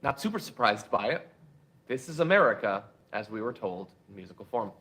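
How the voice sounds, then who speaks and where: Animated, chatty male show host. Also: on the low side, brisk. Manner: animated, chatty, wry asides to viewers. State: tired. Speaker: political commentary show host. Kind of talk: live show commentary and reading super chats.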